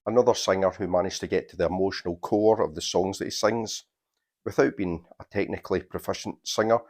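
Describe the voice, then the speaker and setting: Male vinyl vlogger, low voice, chatty and enthusiastic, casual collection show-and-tell. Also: gravelly, a little mellow. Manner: chatty, enthusiastic, shows records while talking. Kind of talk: casual record-collection vlog.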